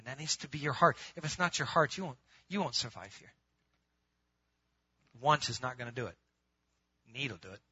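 Animated preacher man, bright husky voice. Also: medium pitch, fairly quick, long pauses, dry recording, dull audio. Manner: animated, swings from loud emphatic bursts to quiet intimate pleading; calls the congregation "gang", laughs between points. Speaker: pastor. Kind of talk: sermon.

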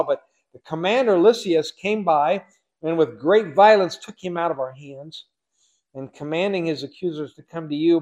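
Brief: man putting on a sycophantic orator, oily and flattering, pitched a touch higher. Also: lo-fi sound, lightly acted. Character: fawning, flattering male courtroom orator.

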